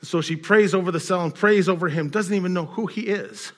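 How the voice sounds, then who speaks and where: Man preaching a storytelling sermon. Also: fairly quick. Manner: storytelling, rising loud and high in quoted scenes, dropping quiet in reflection. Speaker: pastor.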